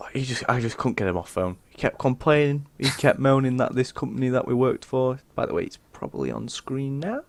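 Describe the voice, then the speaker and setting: A man's voice: medium pitch, normal speed, vocal fry. A man co-hosting a podcast, telling rambling, grumbling stories in a casual chat. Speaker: podcast co-host.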